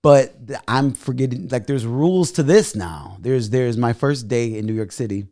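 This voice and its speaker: Man, young adult, comedian guest, excitable storyteller, swears a lot, mid pitch. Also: normal speed, no room sound, clean studio sound. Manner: excitable, swears freely, many restarts. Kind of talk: animated storytelling in casual chat.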